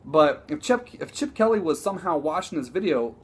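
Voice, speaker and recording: A man ranting casually about his football team, profane and excitable, rambling with frequent restarts. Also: fairly high pitch, a little fast, few pauses, husky. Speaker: sports vlogger. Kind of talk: casual sports rant.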